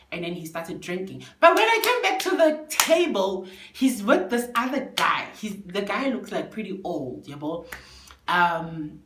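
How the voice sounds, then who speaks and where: A woman's voice: medium pitch, fairly bright tone. A young woman from South Africa with a Zulu accent, telling a storytime tale in a chatty style and switching between languages. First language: isiZulu. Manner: chatty, code-switching, addresses viewers as guys. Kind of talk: casual storytime. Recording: roomy echo.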